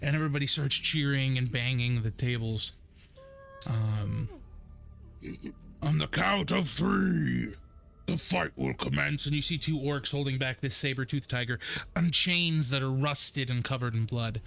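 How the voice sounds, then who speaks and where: Slow-talking gravelly game master. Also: male voice, mid-range voice, a bit bright. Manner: unhurried descriptive narration with fillers. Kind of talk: narrating a tabletop game. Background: faint background music.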